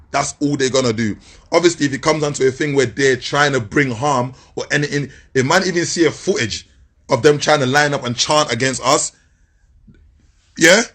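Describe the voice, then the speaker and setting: A man with a husky voice speaking directly to his people, calmly urging them to keep their composure. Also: medium pitch. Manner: calm, appealing for composure. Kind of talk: direct appeal video.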